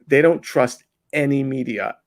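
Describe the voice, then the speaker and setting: Gravelly-voiced man, rambling and casual. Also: medium pitch, unhurried. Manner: rambling, many restarts, mimics people he describes. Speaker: interview guest, undercover video maker. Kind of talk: casual conversational interview.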